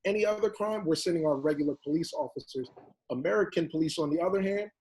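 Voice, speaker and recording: A man argues with conviction on a discussion panel. His voice sits a bit high and has a husky edge. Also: a little mellow, rough recording. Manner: impassioned, acts out voices in quotes. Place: Los Angeles.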